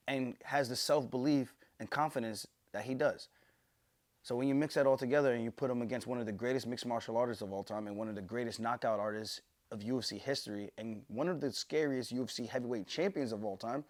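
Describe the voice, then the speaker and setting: A man's voice: mid-range voice, no room sound. A man, a pro fighter hosting his own show, giving emphatic, opinionated casual commentary to camera and swearing casually.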